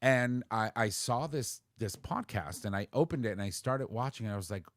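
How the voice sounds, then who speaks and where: A man's voice: medium pitch, animated, moderate pace, hardly any pauses, no echo, studio quality. A man co-hosting a podcast in casual chat, telling stories in a rambling way with playful, sassy asides. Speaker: podcast co-host.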